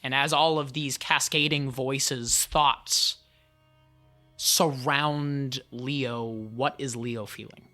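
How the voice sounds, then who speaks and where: Game master, bright sharp tone, measured scene narration. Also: mid-range voice, steady tone, soft background music. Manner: descriptive, measured.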